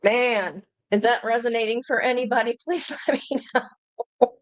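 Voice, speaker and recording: A woman's voice: a little high, a little slow, dry recording. A woman giving a chatty live tarot reading, talking intuitively and laughing and exclaiming often. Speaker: tarot reader.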